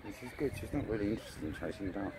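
Casual dog-walker vlogging outdoors, lowish voice with lively swings, birds and clear outdoor noise. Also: male voice, rapid-fire. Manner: chatty, talking to his dog, excitable bursts. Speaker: dog owner filming a walk. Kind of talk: casual vlog narration. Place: outdoors in a park by a pond. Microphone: phone camera mic. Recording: noisy outdoor phone recording. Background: birds and ducks, outdoor ambience.

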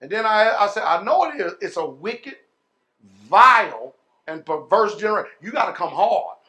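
Man, pastor, high-pitched, fiery sermon, drawn-out words, sudden shouts, folksy. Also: animated. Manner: folksy, calls the congregation y'all and man.

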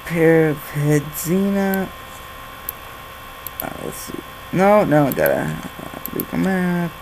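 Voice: medium pitch, huge pitch swings, takes it slowly, background noise. A gaming channel host giving jokey let's-play commentary while reading game documents aloud.

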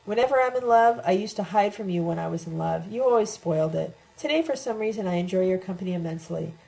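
A woman's voice: medium pitch, animated, fast talker, vocal fry, dark tone, low-quality recording. A woman reading the lines of a brash, teasing older woman in an audiobook, with playful jabs.

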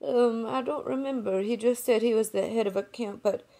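A woman's voice: on the high side, moderate pace, mellow. A woman making a prank phone call, playing a nervous and hesitant caller. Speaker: video creator prank-calling scammers.

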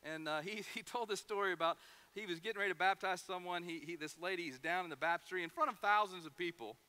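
A man's voice: high-pitched, fast talker, smooth. A man preaching a sermon, telling stories and acting out the people in them. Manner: animated storytelling with acted-out quotes. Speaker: pastor.

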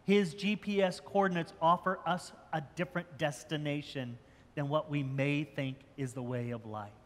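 A man's voice: on the high side, steady tone, normal speed. An older man, a pastor, preaching a sermon in a conversational way, often restarting his phrases. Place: church sanctuary. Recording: church hall with long reverb.

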